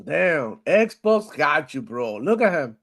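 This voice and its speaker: A man hosting a live gaming stream, talking in a casual, animated way, laughing often, swearing and calling people bro. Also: on the high side, slow pace.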